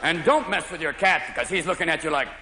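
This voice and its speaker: A man in his thirties doing live stand-up comedy on an opera house stage, talking in a manic way and jumping rapidly between voices. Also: a little high, very noisy. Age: 30s. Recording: live hall, loud audience laughter.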